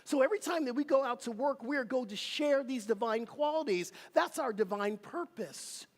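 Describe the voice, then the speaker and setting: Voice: sits high, lively intonation, moderate pace, big-room sound. A minister preaching a sermon, emphatic and rhythmic, leading the congregation in call and response. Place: church sanctuary.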